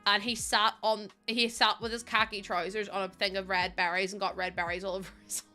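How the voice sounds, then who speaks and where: Chatty woman streamer with a bright voice. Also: medium pitch, level tone, fairly quick, faint music behind. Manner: heated, chatty, talks to chat by name. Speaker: live streamer. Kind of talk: casual chat while building in a game.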